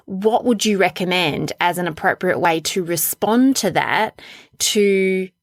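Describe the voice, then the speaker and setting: A woman with a fairly low voice hosts a conversational podcast interview. She asks thoughtful questions in a halting, searching way, recorded dry and close. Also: no room sound. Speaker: podcast host.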